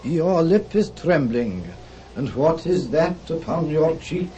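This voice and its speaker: A man voicing a solemn male spirit in a storybook reading, asking grave questions slowly. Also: a little high, expressive, dark tone, distant mic, a little hiss or hum, low-quality recording. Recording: voice from off the mic.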